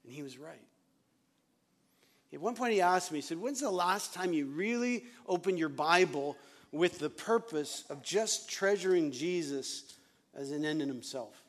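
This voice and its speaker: A man who is a pastor, preaching an earnest, confessional sermon to fellow pastors, moving from hushed moments to loud ones. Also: a little high, expressive, a little slow.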